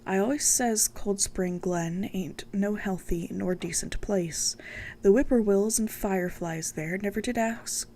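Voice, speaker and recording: A frightened rural housekeeper woman, voiced by a woman reader, speaking in a plain storybook voice at a middle pitch without any dialect. She rushes through her grim news with a mix of dread and gossip. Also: warm tone, a little hiss or hum, close to an everyday voice. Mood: uneasy.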